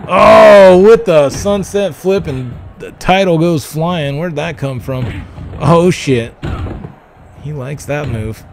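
A man hosting a livestream, giving excited, profane play-by-play wrestling commentary with loud calls. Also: a little high, slow, slight background noise. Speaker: livestream host.

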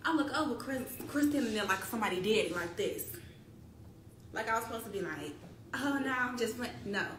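A woman's voice: medium pitch, a little fast, fairly bright tone. A young woman streaming live, telling a heated story bluntly and with lots of swearing, acting out what others said. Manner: profane, blunt, acts out quoted voices. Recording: roomy echo with faint hiss.

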